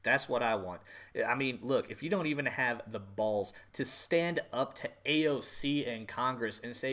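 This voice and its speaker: A man's voice: mid-range voice, normal speed, pushed and bright. Podcast host, man, angry profane rant, hard tense tone, repeats for punch. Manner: angry, profane, emphatic repetition. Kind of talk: political rant.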